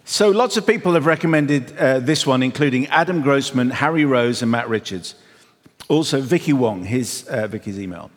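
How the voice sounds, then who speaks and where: A man's voice: mid-range voice, expressive, moderate pace, long reverb tail. A middle-aged man co-hosting a podcast, dry and teasing, reading listener emails in casual chat. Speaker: podcast co-host.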